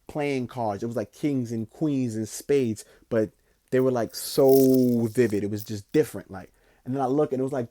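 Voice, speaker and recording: Young male podcast host, mellow voice, animated profane storyteller with lots of fillers. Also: medium pitch. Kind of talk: casual storytelling.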